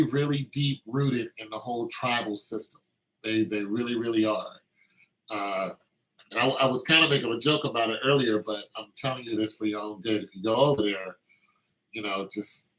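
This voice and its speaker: A man's voice: mid-range voice, pushed and bright, low-quality recording. A man talking in a casual, meandering monologue, telling anecdotes with lots of fillers.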